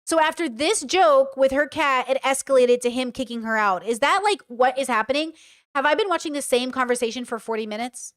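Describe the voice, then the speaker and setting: High-pitched, blunt young woman streamer. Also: a little fast. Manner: animated, blunt, swears freely. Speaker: commentary streamer. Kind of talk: live stream reaction commentary.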